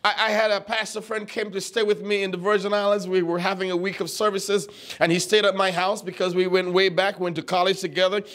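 A man's voice: sits high, a bit bright. A man pastor giving a conversational teaching sermon, telling stories, repeating words and quizzing the congregation.

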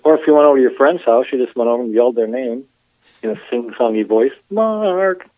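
A man's voice: mid-range voice, quick pace, no echo. A middle-aged man from Michigan, a guest cracking dry jokes and telling stories in casual chat. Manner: wry, joking storyteller. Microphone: phone. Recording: tinny phone line.

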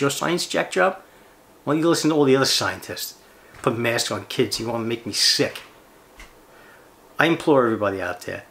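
A middle-aged American man hosting a fishing channel, delivering a heated, indignant rant full of rhetorical questions. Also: a bit bright. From United States. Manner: fired-up, indignant, swinging pitch, rhetorical questions. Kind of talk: heated ranting monologue.

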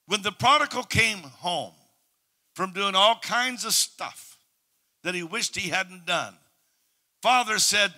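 A man with a Canadian accent preaching a Pentecostal sermon as pastor, moving from hushed, quiet passages to loud shouted declarations. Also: sits high, expressive, slow pace, long pauses. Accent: Canadian English.

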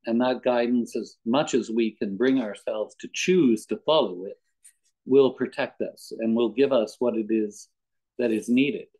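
A man's voice: medium pitch, measured pace, mellow, poor audio. A man giving a conversational devotional talk as a guest speaker, mixing anecdotes and readings and chuckling often.

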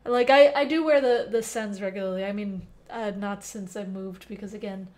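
A woman's voice: mid-range voice, normal speed, a little mellow. A young woman hosting a casual live coding stream from home, reading chat aloud and answering questions with plenty of fillers. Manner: chatty, reads chat aloud, many fillers. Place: temporary home. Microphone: headphones with mic.

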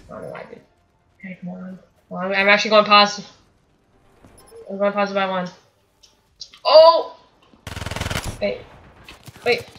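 Young woman, gameplay commentator, bright tone, mutters then yelps. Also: mid-range voice. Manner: frustrated muttering, excited outbursts. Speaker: gaming commentator. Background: gunfire from the game.

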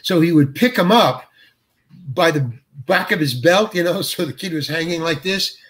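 An older man, an actor being interviewed, telling a story in a halting way with many restarts and acted-out quotes. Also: on the high side, a bit bright.

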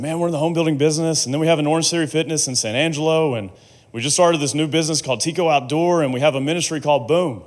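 A man speaking at a faith conference, telling his testimony in a conversational storytelling way and acting out the quoted dialogue. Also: a little high.

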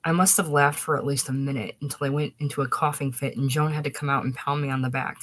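A man's voice: mid-range voice, level tone, quick pace, fairly bright tone, low-quality recording. A man reading a short story aloud in first-person narration, with a dry, wry storytelling manner. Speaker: audiobook reader.

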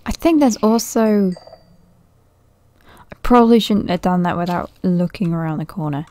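A woman's voice: fairly low pitch, normal speed, warm tone. Woman thinking aloud over a game. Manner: thinks aloud, nervous, often laughs and drops to a whisper. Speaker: gaming video creator. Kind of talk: casual let's-play commentary.

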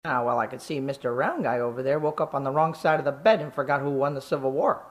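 A man's voice: mid-range voice, fast talker, close to an everyday voice. A man's synthesized voice playing a sarcastic, short firefighter from Canada who needles the others, with hesitant fillers. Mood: mocking. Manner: mocking, with filler "uh" and "there".

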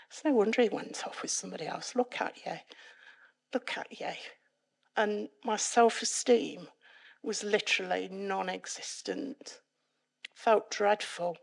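A middle-aged woman, giving a dramatic, lively personal testimony at a church event. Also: gravelly. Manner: dramatic, lively retelling that climbs in pitch and volume. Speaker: guest speaker giving a testimony. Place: church worship event, live audience.

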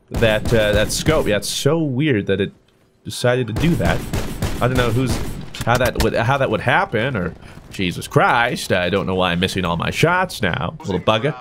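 A young man giving playful, jokey commentary over his own gameplay, trash-talking and yelling with sudden bursts of excitement. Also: mid-range voice, noisy background. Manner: playful, jokey trash talk, animated outbursts. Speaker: gaming YouTuber. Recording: game audio with gunfire and music behind.

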